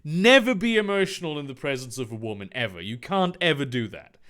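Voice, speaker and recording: A man's voice: fairly high pitch, big pitch swings, a little fast, a bit bright. A man reading a fan fiction aloud in a comedic read-through, with sarcastic, mocking asides and frequent stumbles.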